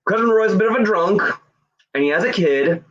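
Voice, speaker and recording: A man doing a stand-up comedy set, deadpan and hesitant, with many fillers. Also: sits high, brisk. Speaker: stand-up comic. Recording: dull lo-fi sound.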